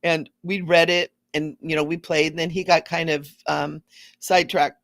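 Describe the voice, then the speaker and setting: A woman giving a casual, rambling spiritual talk to viewers, gently repeating words for emphasis. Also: deep voice, flat delivery, normal speed, no echo, clean studio sound. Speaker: spiritual teacher hosting a live stream.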